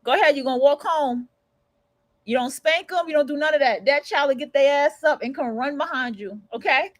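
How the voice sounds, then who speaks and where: A woman hosts a casual livestream and rants bluntly, swearing freely and hammering each point home. Her voice sits high. The sound is close and dry. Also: a little fast, dry recording, poor audio. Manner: blunt, profane, emphatic ranting. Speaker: livestream radio host.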